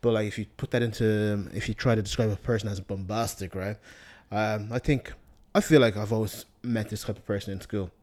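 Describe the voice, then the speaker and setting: A man's voice: lowish voice, fairly even intonation, fairly quick, darkish tone. Laid-back man, slangy chat. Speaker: podcast co-host. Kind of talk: casual chat.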